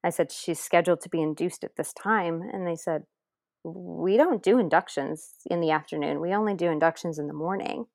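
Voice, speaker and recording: A woman's voice: lowish voice, normal speed, vocal fry, no room sound, clean studio sound. Emotional woman telling a personal story. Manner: earnest, re-enacts others' words. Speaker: interview guest.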